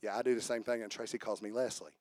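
A man preaching a sermon as pastor, joking with the congregation and building to shouted passages. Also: on the low side, fairly even intonation, fast, a little hiss or hum.

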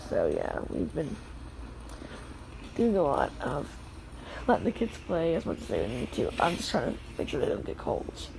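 Woman, family vlog in the snow, lively voice, gravelly, warm, faint outdoor noise. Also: sits low, moderate pace, long pauses, rough recording. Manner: mixes gentle narration with firm warnings to children. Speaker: mother filming her kids.

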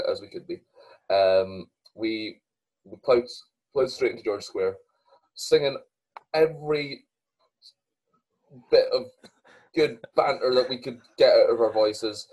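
A man's voice: fairly low pitch, a little mellow, poor audio. A young Scottish man co-hosting a casual podcast chat, talking hesitantly with many fillers and restarts. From Scotland. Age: young adult. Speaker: podcast co-host.

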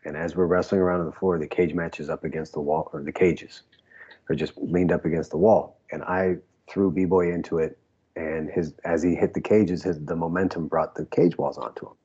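Male guest, deep and husky, easygoing storyteller; muffled lo-fi sound. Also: flat delivery, fairly quick, warm tone. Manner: laid-back storyteller, laughs often. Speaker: former pro wrestler guest. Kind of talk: casual interview recollection.

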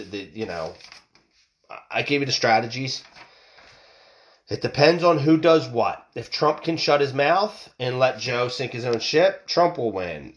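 A man hosting a podcast, talking casually and off the cuff, rambling and swearing freely. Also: medium pitch. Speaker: podcast host. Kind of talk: casual solo political talk. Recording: dull lo-fi recording.

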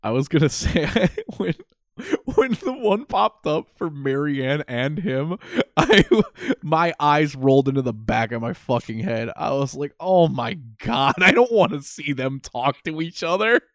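A man in casual chat, animated and exasperated, acting out what characters say. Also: on the high side, measured pace, no echo, clean studio sound. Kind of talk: casual chat about a video game.

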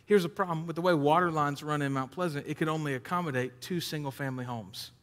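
Guy preaching a sermon, bit higher voice, chatty storytelling then punchy, big echoey hall. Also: fast talker. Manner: conversational preaching, swings from loud emphatic to low storytelling. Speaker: pastor. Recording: long hall reverb.

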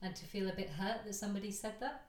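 A woman appearing as a guest on a podcast, calmly explaining ideas with lots of fillers. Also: mid-range voice, fast talker. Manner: reflective, explanatory, with many fillers. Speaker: guest coach. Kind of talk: casual interview chat. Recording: echoey room.

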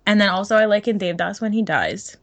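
A woman's voice: medium pitch, fairly quick. A young woman co-hosting a podcast in casual chat, giggly and full of fillers. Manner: chatty and giggly, many fillers. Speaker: podcast co-host.

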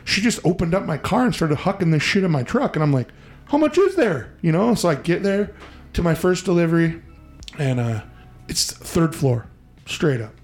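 A man hosting a podcast, telling a story in a casual, profane, animated way and acting out the voices he quotes. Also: a little high, normal speed, faint music behind. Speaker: podcast host.

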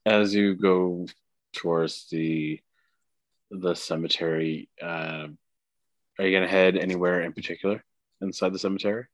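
A man's voice: sits low, steady tone, normal speed, pauses often, dry recording. A man narrating as game master, with hesitant delivery full of fillers.

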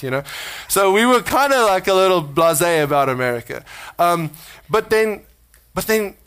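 A man preaching a conversational sermon as a pastor, earnest and animated, often restarting and repeating words as he talks. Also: on the high side.

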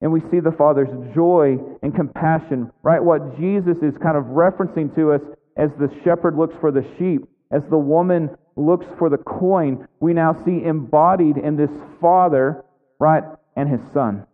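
A man preaching a conversational sermon, tossing in frequent "right?" asides and acting out the characters' lines. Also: normal speed. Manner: acts out biblical characters' lines with shifting pitch. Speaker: pastor. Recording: echoey hall over a thin phone-like line.

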